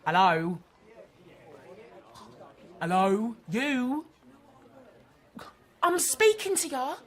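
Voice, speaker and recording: A cheeky ghost maid. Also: female voice, low-pitched, animated, moderate pace, darkish tone, breathy edge. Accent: Cockney. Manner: cheeky, scornful, chatty. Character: sly ghost of a London maid, woman. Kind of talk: audio drama acting.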